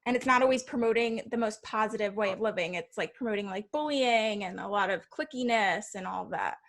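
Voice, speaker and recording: A woman's voice: mid-range voice, fairly quick, a bit bright. A woman co-hosting a podcast, agreeing and chiming in with short remarks. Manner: agreeable, chimes in briefly. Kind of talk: casual podcast chat.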